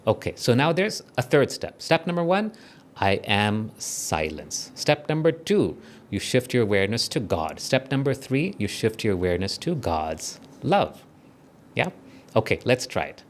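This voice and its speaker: A man with a South African accent gives a gentle, conversational devotional talk to a small group. He guides a meditation and often checks in with his listeners. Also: medium pitch, a little hiss or hum. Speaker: spiritual speaker leading a meditation.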